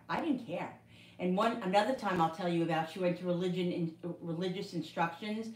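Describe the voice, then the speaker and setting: A woman's voice: low voice, far from the mic. Middle aged lady cooking live in her kitchen, rambly storyteller, echoey room. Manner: rambling, repetitive storytelling with many restarts. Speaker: cooking livestream host. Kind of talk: casual chat while cooking. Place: home kitchen. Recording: echoey room, voice away from the mic.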